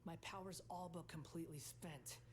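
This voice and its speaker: A voice actor playing an aloof, sardonic young male puppet-god in a game, speaking in a cool, clipped, soft-spoken way. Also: on the high side, normal speed, a little hiss or hum, lightly acted. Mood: tired. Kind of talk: game cutscene dialogue.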